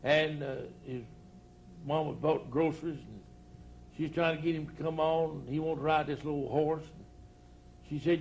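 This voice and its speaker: Speaking to a live crowd at an outdoor church campground, this older man, a country preacher, spins rambling funny stories and chuckles at his own punchlines. His voice is somewhat high, creaky, and steady in tone at a moderate pace, with a faint hiss or hum.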